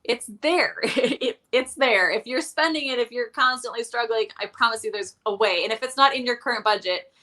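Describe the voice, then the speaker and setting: A woman guest in a casual interview, recounting her money struggles with candid, self-mocking humor. Her voice is bright and forward, and she talks loosely with frequent ums and restarts. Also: a little high, moderate pace, hardly any pauses. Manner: candid, self-deprecating storytelling with many fillers.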